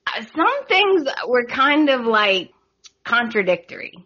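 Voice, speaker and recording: Southern woman, bright voice, giggly podcast guest, dull lo-fi audio. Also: a little high, big pitch swings, slow pace. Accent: Southern American. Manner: giggly, chatty, lots of "like" and "y'all". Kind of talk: casual podcast chat.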